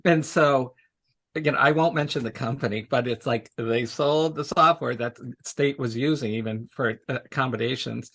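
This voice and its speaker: A special education technology guest with a mid-range, slightly bright voice speaks at a moderate pace. In a casual interview he tells stories from his work, chatty and laughing often.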